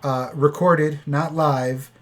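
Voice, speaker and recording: A man's voice: on the high side, fairly even intonation, slow pace. Guy cohosting a podcast from a kids bedroom, jokey, laughs a lot. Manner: joking, laughs often. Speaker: podcast co-host. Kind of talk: casual chat. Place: child's bedroom.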